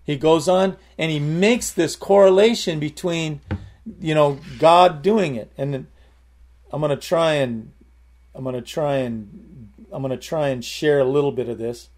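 A man's voice: fairly high pitch, unhurried, darkish tone. A male preacher giving an emphatic sermon, repeating and restarting phrases and calling out to the congregation. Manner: emphatic, addresses the congregation directly with repeated calls of "Amen?"; repeats and restarts phrases while building a point.

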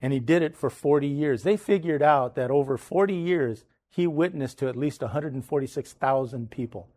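A man preaching, telling a story in an animated way, often restarting and repeating words. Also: medium pitch, moderate pace. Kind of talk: sermon storytelling.

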